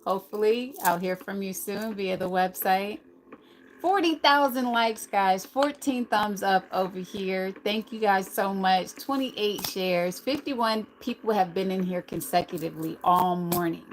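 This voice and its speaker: A woman's voice: medium pitch, a little slow, low-quality recording. Middle-aged woman, from the US, slight lisp, casual livestream chat, faint hum behind. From United States. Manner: chatty, reads and answers the chat aloud. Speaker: livestream host.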